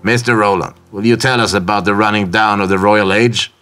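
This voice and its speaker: A brisk, courteous official gets straight to business, voiced by a male reader. His low voice has a bright edge, and faint music sits underneath. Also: steady tone.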